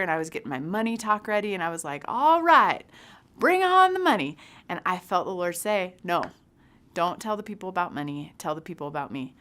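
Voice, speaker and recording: Lively lower-voiced woman giving a devotional. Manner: animated storytelling, acts out her own past voice. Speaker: youth ministry speaker. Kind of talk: casual devotional talk.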